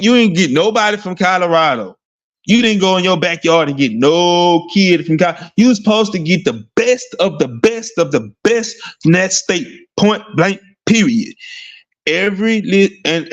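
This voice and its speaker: Brief: high-pitched male sports streamer, blunt and profane, rambling casual rant. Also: animated, normal speed, muffled recording. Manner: rhetorical "see what I'm saying?" asides. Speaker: sports talk host. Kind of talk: casual sports talk livestream.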